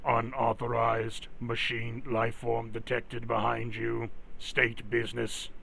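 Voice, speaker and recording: A man voicing a stiff male security robot that speaks in clipped, monotone machine commands. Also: medium pitch, takes it slowly, creaky, slight background noise, exaggerated voice. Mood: robotic. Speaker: game master.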